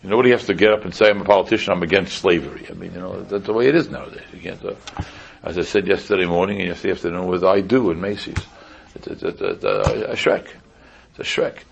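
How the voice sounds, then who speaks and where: A rabbi delivers a relaxed Torah class in a deep voice with a gravelly, fried edge. His tone is husky rather than clear. He talks casually and keeps circling back to sharp rhetorical questions. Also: fast, dull audio. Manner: conversational, repeats pointed rhetorical questions. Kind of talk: informal Torah lecture.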